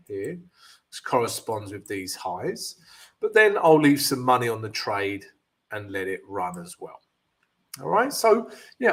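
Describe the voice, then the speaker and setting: Guy doing a live trading stream, slow talker, pitch all over the place, lots of yeah and um, chatting to viewers. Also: a bit bright. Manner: casual, addresses viewers as guys, many fillers. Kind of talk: live chart analysis with viewer Q&A.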